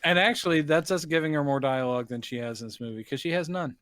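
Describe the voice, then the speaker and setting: A man's voice: a little high, quick pace, fairly bright tone, no room sound, clean studio sound. A man co-hosting a casual podcast, ranting in disbelief about a film's silly scenes. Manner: incredulous, exasperated ranting. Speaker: podcast co-host. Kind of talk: casual movie-recap chat.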